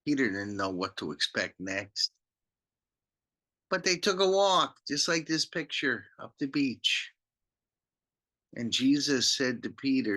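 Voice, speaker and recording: Animated pastor telling a children's Bible story, slow and bright. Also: male voice, mid-range voice. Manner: animated, slow, acts out the characters.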